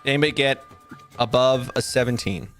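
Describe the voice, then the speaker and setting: A man's voice: medium pitch, a little fast, a bit bright, soft background music. A man narrating as game master of a tabletop game, rambling with many ums and likes.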